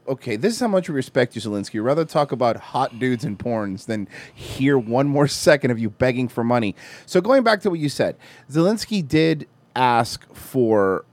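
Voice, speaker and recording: A man's voice: medium pitch, dry recording. A man co-hosting a podcast, joking crudely in casual chat. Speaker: podcast co-host.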